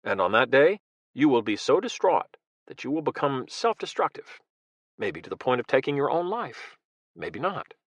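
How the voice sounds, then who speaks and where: A man's voice: medium pitch, very animated, moderate pace, no room sound, lo-fi sound. A man voicing an intense American former Marine leader who speaks bluntly and earnestly.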